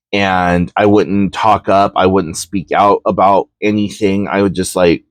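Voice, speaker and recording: A man's voice: deep voice, no echo. A man hosting a podcast, telling a personal story in a candid, reflective way with frequent ums and likes. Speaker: podcast host.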